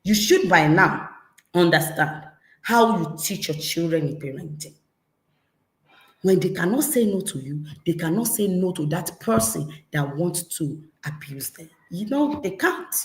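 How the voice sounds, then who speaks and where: A woman with a Nigerian accent, a parenting coach giving a lively talk and acting out scolding parents. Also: lowish voice, measured pace. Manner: animated, acts out scolding parents. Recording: echoey room.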